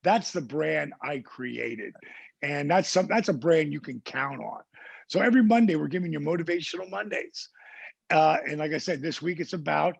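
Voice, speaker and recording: A man from New Jersey, a podcast guest, telling a casual story in an animated way and acting out the people he quotes. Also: fairly high pitch, gravelly, husky, no room sound. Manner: animated anecdote teller who acts out the people he quotes.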